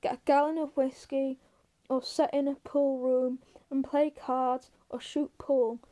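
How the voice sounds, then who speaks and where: A woman voicing a short-tempered male ranch worker who scolds his companion in a gruff way. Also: high-pitched, little pitch movement, unhurried, dark tone. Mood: furious.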